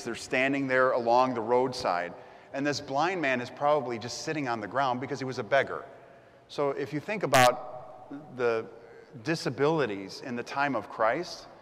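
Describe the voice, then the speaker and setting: A man's voice: mid-range voice, a bit bright, in a large hall. A man preaching a sermon as the pastor, telling the story vividly and acting out the crowd's voices.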